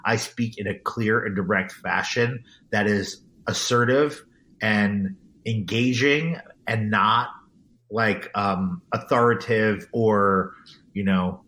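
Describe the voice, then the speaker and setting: A man with a fairly low voice, talking as a guest about his DJ work. He speaks earnestly and emphatically, often restarting his sentences as he builds a point. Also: slow pace, pushed and bright. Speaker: guest, event DJ. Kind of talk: casual interview.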